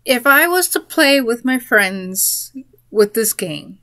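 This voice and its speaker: A woman's voice: fairly high pitch, lively intonation, slow, sharp tone, no echo. A woman in a casual spoken monologue, rambling a little and breaking into giggles mid-sentence. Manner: rambling, with fillers and restarts. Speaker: vlogger.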